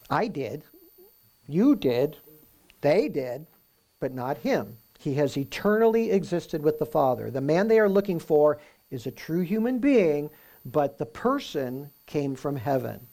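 A man preaching through a Bible passage in a conversational way, often checking in with "right?" and reading the verses slowly with emphasis. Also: a little high, a little mellow. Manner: reads scripture aloud slowly and with emphasis. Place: room with a live audience.

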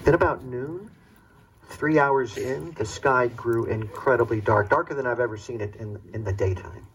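A man's voice: mid-range voice, moderate pace, poor audio. A man delivering a first-person dramatic monologue as a Roman soldier, earnest and reflective in his storytelling.

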